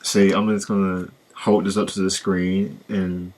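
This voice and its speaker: A man hosting a podcast, chatting in a relaxed, hesitant way. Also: low-pitched, measured pace. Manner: relaxed, hesitant, many fillers and restarts. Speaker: podcast host. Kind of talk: casual chat.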